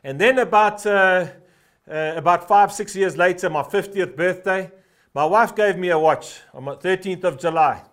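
A man's voice: sits high, moderate pace, fairly bright tone. Fervent pastor in his fifties. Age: 50s. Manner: fervent, repeats a short refrain for emphasis; storytelling with frequent "uh" fillers. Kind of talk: sermon.

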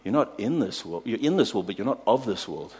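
The South African pastor's voice is lowish and fairly quick as he preaches. He shares a spirited story from his own life, laughs at it, and then draws out the lesson.

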